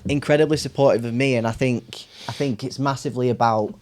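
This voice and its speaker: Man, thirties, podcast guest, casual storytelling, animated, mid-pitched. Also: fast talker. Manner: animated, acts out family voices, laughs often.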